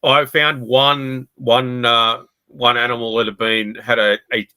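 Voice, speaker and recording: Man, podcast host, dry sound, mid-pitched, swears a lot, lively anecdotes. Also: unhurried, clear, resonant tone, no echo, poor audio. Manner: animated anecdotes, swears freely, acts out quotes. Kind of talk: casual chat.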